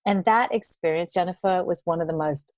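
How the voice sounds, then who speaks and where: A woman tells her travel stories as a guest, her voice pitched a little low. She brings the tale to life by acting out the people she met. The recording is dry and close. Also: a little fast, no echo. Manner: animated storyteller, acts out quoted voices. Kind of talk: storytelling interview.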